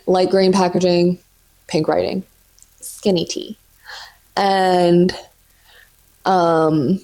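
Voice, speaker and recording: A slightly mellow, lowish female voice carries this casual solo podcast. The host, a woman in her twenties sitting on her floor at home, chats freely with lots of swearing and frequent "like" fillers.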